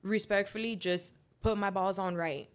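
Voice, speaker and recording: As a podcast guest, a young woman who wrestles alligators professionally shares stories in a casual interview. She speaks clear and resonant at medium pitch and a moderate pace, animatedly voicing the people she quotes.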